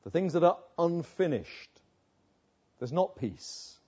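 A man's voice: fairly high pitch, sing-song, slow pace, mellow, husky, highs cut off. An older man preaching a sermon as pastor, earnest, often asking rhetorical tag questions.

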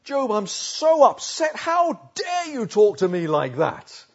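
A man voicing an indignant, self-righteous male accuser who mocks and shouts down a suffering friend. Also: very high voice, sing-song, slow, dull audio, voice pushed up, heavily acted. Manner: mocking, rising to loud outrage.

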